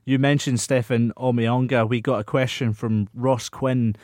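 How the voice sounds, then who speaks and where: A man's voice: medium pitch, fairly even intonation, unhurried, darkish tone, no room sound, studio quality. A man hosting a casual football podcast, chatty and reading out listener questions. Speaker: podcast host.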